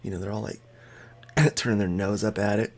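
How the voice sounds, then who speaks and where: Low husky man telling a joking story. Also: fairly even intonation, moderate pace. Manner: joking, laughs mid-story. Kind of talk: casual storytelling chat.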